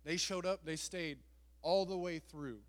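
A man preaching a Pentecostal sermon, moving from quiet storytelling to shouted exhortation. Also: fairly high pitch, a little slow. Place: church sanctuary. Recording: long church hall reverb.

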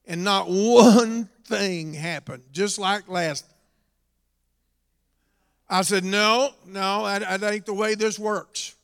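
A middle-aged man preaching a storytelling sermon in a church, dropping to a quiet telling voice and rising to shouts. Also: high-pitched, fairly even intonation, takes it slowly, creaky, smooth. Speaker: pastor. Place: church hall. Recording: long hall reverb.

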